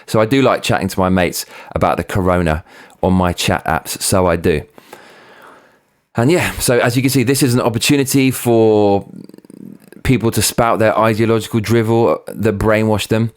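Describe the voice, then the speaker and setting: A man's voice: on the low side, steady tone, moderate pace. A man hosting his own show, ranting heatedly with plenty of swearing and sarcastic mockery. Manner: sarcastic, mocking. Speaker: host. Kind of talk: opinion rant.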